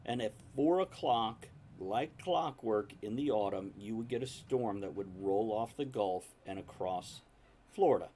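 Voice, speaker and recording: A man's voice: on the low side, measured pace, mellow. A man on a livestream chat telling a vivid anecdote, acting out the scene as he goes. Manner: vivid storyteller, acts out scenes. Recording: faint background noise.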